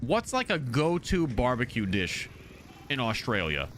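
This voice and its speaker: Slight background noise accompanies a man from the United States whose medium-pitched, somewhat bright voice swings hugely in pitch at an unhurried pace. This young game streamer reads his live chat aloud and responds casually, brashly and with jokes and profanity.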